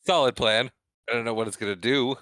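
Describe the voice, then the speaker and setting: A man co-hosts a laid-back film podcast and chimes in with short, wry asides. His voice sits mid-range with a bright tone, and it is recorded dry and close. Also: mid-range voice, brisk, dry recording. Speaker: podcast co-host. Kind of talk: casual movie chat.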